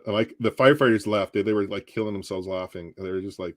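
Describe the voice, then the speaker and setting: A man's voice: lowish voice, level tone, fast talker, hardly any pauses, no room sound, studio quality. A man casually telling a story from a call he worked, acting out voices and laughing often. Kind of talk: casual storytelling among friends. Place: home art studio, on a livestream.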